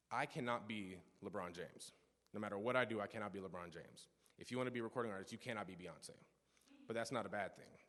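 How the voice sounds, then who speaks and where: A man's voice: fairly low pitch, fairly bright tone. Young man's earnest church testimony, reverberant. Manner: earnest storytelling with frequent restarts and asides. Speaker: youth speaker giving a testimony. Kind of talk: personal testimony talk in church worship. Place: church sanctuary.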